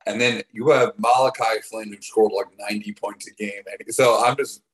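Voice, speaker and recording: Low-voiced man rambling about sports. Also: steady tone, rough recording. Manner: rambling, halting, many fillers and restarts. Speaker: podcast co-host. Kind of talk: casual sports talk.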